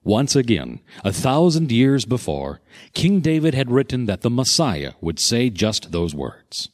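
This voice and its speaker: A man narrating a scripted Bible teaching with dramatic, expressive storytelling. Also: mid-range voice, a little slow.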